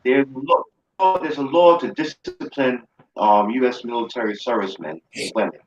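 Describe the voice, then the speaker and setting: A military veteran speaks forcefully in a casual, heated debate. He swears and cites military law. His voice sounds slightly muffled. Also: mid-range voice, normal speed, slight background noise.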